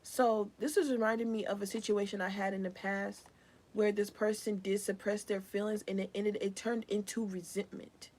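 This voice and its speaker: A woman's voice: medium pitch, little pitch movement, moderate pace, a little mellow. A young woman giving a live collective tarot reading in a casual, rambling, slangy way. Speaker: tarot reader.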